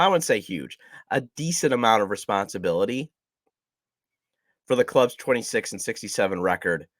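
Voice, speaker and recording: Man, podcast host, low-pitched, stuffy nasal voice from a cold, casual jokey delivery, dead-dry sound. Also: a bit bright, no room sound. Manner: chatty, self-deprecating jokes. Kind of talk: casual sports podcast talk.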